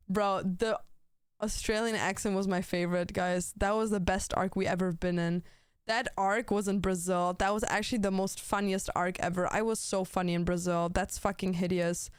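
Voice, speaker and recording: A woman's voice: medium pitch, steady tone, moderate pace, clean tone, no echo, clean studio sound. A young woman streamer in casual stream chat, rambling and joking with crude language.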